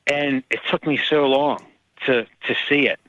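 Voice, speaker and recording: A man, an author, telling personal stories in casual conversation and lively acting out the people in them. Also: medium pitch, measured pace, no echo, lo-fi sound. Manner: animated, acts out quoted people. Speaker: author guest. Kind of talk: casual storytelling.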